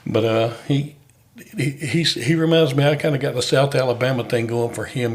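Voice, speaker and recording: A man's voice: mid-range voice, steady tone, normal speed. A man who does stand-up comedy, hosting a casual chat in a joking, easygoing way.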